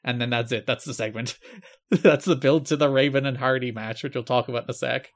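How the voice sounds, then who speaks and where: A man's voice: medium pitch, fairly even intonation, a little fast. A man co-hosting a casual wrestling podcast, recapping old episodes in a dry, wry way and laughing often. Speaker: podcast co-host.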